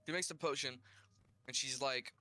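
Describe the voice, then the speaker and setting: A young man recapping his tabletop game character's backstory, halting, with many fillers and restarts. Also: medium pitch, steady tone, bright, forceful tone, no room sound. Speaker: player.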